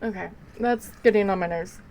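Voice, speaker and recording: A woman talks her viewers through a game in a loose, rambling way, yawning and a little drowsy. Her voice sits at a middle pitch. A faint hiss of noise runs under the recording. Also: fairly quick, a little mellow, low-quality recording. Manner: chatty, rambling, sleepy and yawning. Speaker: streamer. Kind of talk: casual live gameplay commentary.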